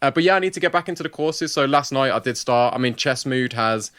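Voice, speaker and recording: A man co-hosting a podcast with jokey, playful banter and casual swearing. His voice sits at a middling pitch, recorded dry and close to the mic. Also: fast talker, a bit bright, clear, resonant tone, no room sound. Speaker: podcast co-host. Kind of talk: casual chat.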